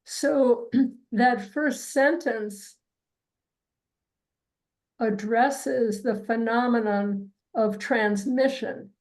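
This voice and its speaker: A woman in a study class asks a question at a very slow, measured pace. Her voice sits a little high, and she sets each phrase out with care. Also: a little mellow, poor audio. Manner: slow and deliberate. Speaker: class participant.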